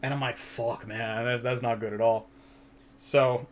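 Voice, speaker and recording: A man's voice: mid-range voice, fairly even intonation, a little slow. A young man chatting casually as a stream co-host, telling funny stories, laughing often and swearing freely. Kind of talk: casual chat.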